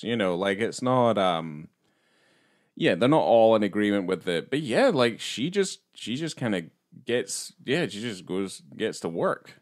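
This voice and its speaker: A man with a low voice co-hosts a casual film podcast. His delivery is rambling and hesitant, full of restarts and offhand swearing, and his pitch swings around a lot as he thinks aloud. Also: sing-song, a little slow. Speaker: podcast co-host. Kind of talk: casual film review chat.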